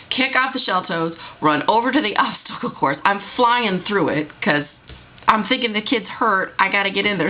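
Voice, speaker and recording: A woman vlogger telling a work story in an animated, exasperated storytime way. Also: medium pitch, highs cut off. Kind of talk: storytime vlog.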